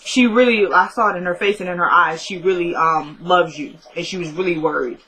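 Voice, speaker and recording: Bright-voiced woman with chatty, opinionated commentary. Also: on the low side, poor audio. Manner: chatty, opinionated, quick asides and jokes. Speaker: TV episode reviewer. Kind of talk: casual episode recap with commentary.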